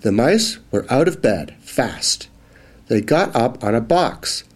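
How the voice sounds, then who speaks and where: A man reading a children's phonics book aloud, slow and clearly enunciated. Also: medium pitch, very animated. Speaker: reader.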